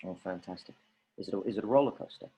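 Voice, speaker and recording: A man leading a drama workshop for teachers, coaching lively and demonstrating vocal warm-up drills. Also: sits low, very fast.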